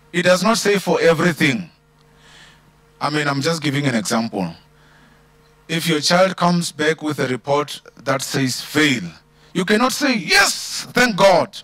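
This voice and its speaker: A male preacher with a South African English accent delivers his sermon in a high voice. He leans on key words, stretching them slowly, and punctuates with hallelujah. The sound is close and dry. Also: a bit bright, no room sound. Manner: preaching with slow emphatic stresses and repeated hallelujahs. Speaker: pastor.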